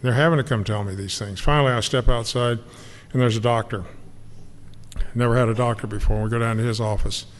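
A man's voice: medium pitch, fairly even intonation, fairly quick. An older man giving an earnest, emotional personal testimony about his recovery to an audience. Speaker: speaker sharing recovery story. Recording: long hall reverb, faint noise.

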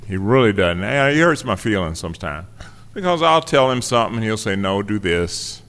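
This man's pitch is fairly low and his tone fairly bright, and he talks a little fast with a sing-song lilt. He's giving personal testimony about his recovery to a live crowd, chatty and self-mocking, with the hall's long reverb around him.

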